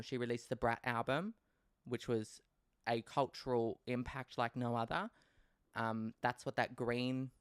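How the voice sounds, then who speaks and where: An Australian man hosting a casual solo podcast, talking in an animated, playfully dramatic way and swearing freely. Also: medium pitch, clear, resonant tone, dry recording, clean studio sound. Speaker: podcast host.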